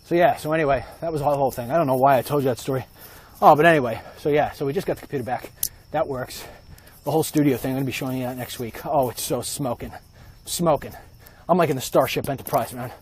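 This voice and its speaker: A man's voice: mid-range voice, fast talker, slightly rough. A man vlogging while he walks, rambling through a comic rant with mock-conspiratorial asides. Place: outdoors, walking.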